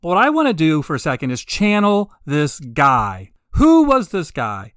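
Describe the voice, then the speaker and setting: A male podcast host with a voice pitched a little above the usual, recorded close and dry with no room sound. He talks in a loose, sarcastic way, tossing in laughing asides. He then swells into slow, emphatic, drawn-out peaks. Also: wildly swooping pitch, a bit bright, clear, resonant tone, no room sound. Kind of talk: casual monologue.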